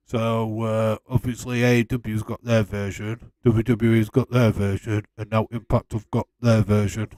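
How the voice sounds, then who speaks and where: A man's voice: fairly low pitch, flat delivery, moderate pace, few pauses, darkish tone, no echo. A man hosting a casual live watch-along, chatting loosely and laughing often. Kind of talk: casual live-stream chat.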